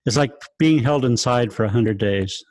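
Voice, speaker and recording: A man's voice: medium pitch, normal speed, darkish tone, no room sound. A man, a choir director, lecturing in an online rehearsal, asking rhetorical questions and chuckling as he explains. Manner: asks rhetorical questions, sings examples, chuckles often. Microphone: video call.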